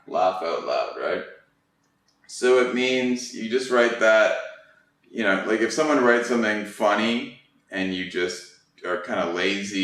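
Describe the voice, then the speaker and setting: A man's voice: fairly low pitch, fairly bright tone. A young adult man teaching an English lesson in a casual, chatty way, acting out quoted reactions as he explains. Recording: echoey room, distant mic.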